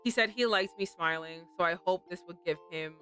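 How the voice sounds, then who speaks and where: A woman streaming a game, reacting with animated, dramatic commentary and reading the lines aloud. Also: on the low side, a little fast, soft background music. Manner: animated, laughing, dramatic outbursts. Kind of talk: game playthrough with commentary and read-aloud translation.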